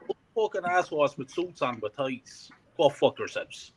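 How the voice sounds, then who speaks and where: A man in casual conversation, cursing freely as he tells a heated story. His pitch swings widely and sits a little high, giving his talk an animated, worked-up feel. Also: normal speed. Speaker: co-host of a fan podcast. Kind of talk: casual chat.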